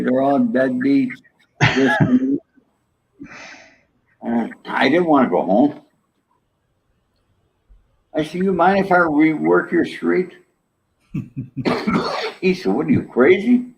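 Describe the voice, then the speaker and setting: A man's voice: medium pitch, gravelly. An older man, an interview guest, telling a story in casual chat and acting out the lines of the people in it. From New York. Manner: animated, acts out quoted dialogue. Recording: dull lo-fi audio.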